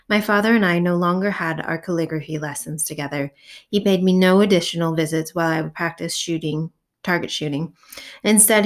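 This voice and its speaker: A woman with a somewhat low voice reads a novel aloud in the first person. Her delivery is measured and expressive, in the style of an audiobook narrator.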